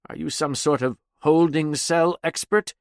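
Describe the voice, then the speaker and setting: A man's voice: a little high, fairly even intonation, measured pace, a little mellow, dry recording, studio quality. A man voicing a defensive older man in an audiobook.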